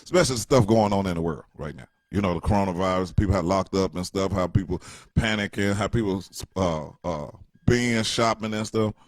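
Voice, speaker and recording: A man's voice: lowish voice, no room sound, studio quality. A middle-aged man telling a rambling, joking story in casual slang. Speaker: vlogger.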